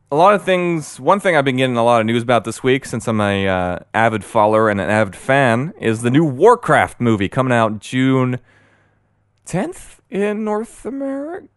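A young man hosting a solo podcast, rambling and excitable with many fillers, and a bit out of breath. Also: fairly low pitch, smooth, dry recording, studio quality. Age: young adult. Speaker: podcast host.

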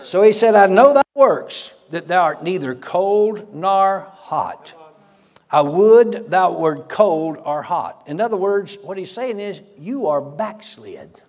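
A man's voice: high voice, expressive, slow pace, a little mellow, dull audio. A man preaching a sermon as pastor, fiery and folksy, laughing between lines in a church. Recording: reverberant church hall.

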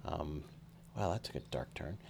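A man's voice: extremely low pitch, expressive, moderate pace, creaky, a little mellow, a little hiss or hum. A man hosting a casual podcast chat, rambling and self-deprecating, with lots of fillers. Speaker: podcast host.

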